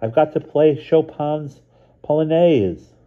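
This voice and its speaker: Storybook girl, high and panicky, urgent and breathless, read by a man, on a dull lo-fi recording. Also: slow. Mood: wailing. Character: excitable young girl, high and frantic.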